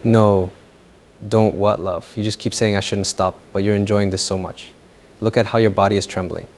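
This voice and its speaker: Low-voiced, possessive, mocking young man, as a male actor reads him for an audio story. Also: steady tone, a little mellow, natural voice. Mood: taunting. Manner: slow, taunting, mocking. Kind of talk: audio fan fiction role-play.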